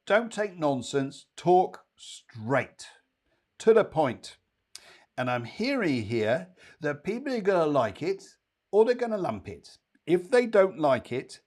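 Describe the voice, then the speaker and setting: A man's voice: fairly high pitch, darkish tone. A man hosting a live psychic show, giving readings in a chatty, rambling way with playful asides.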